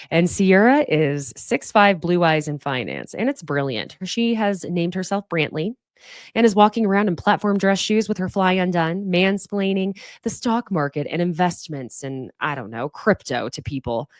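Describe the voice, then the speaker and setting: A woman's voice: lowish voice, no echo, clean studio sound. A woman hosting a casual reality TV recap podcast, sarcastic and swearing freely as she mocks the cast. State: fighting off sneezes. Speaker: podcast host.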